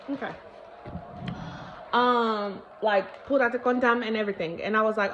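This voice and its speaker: A woman sharing a personal testimony on video, animated and emphatic as she talks straight to her viewers. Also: on the high side, moderate pace, pauses often, slight background noise. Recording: dull lo-fi recording.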